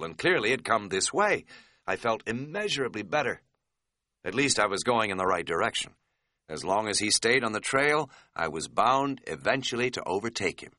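A man's voice: on the low side, pushed and bright, no room sound. A man narrating an audiobook in the first person with a wry, dry, understated delivery, close on a studio mic.

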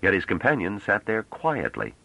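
A man narrating an audiobook in a measured, deliberate way. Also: fairly low pitch, wildly swooping pitch, gravelly, pushed and bright, breathy edge, no room sound, highs cut off.

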